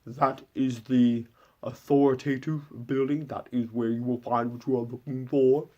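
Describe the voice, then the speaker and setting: A man voicing a rotund, floating fish-frog ship captain who speaks slowly and formally, muffled as if talking around a ball in his mouth. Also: medium pitch, level tone, warm tone, lightly acted.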